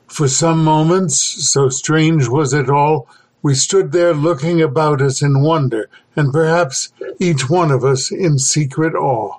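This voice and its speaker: Slow, deliberate man reading a horror tale. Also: fairly high pitch, a little mellow, poor audio. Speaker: podcast host and story reader. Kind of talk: scripted horror narration.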